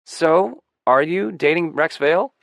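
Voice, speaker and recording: A man's voice: medium pitch, unhurried, dry recording, clean studio sound. A man voicing an eager, gossipy eighteen-year-old guy who teases and gushes, heard in an audiobook. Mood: excited. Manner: excitable, teasing, gushing.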